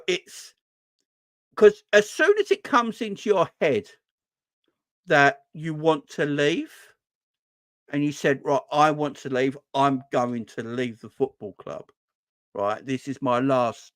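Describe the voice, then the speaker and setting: A man's voice: fairly high pitch, a little slow, no echo. Ranting man on a late-night stream. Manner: swears freely, loud and animated, repeats himself. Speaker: football fan livestream host. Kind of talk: casual ranting livestream chat. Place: home at night, kids asleep.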